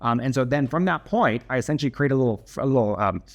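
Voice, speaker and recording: A man's voice: mid-range voice, animated, fast talker. A young man casually telling a personal story to camera, chatty and self-deprecating, with lots of fillers and restarts.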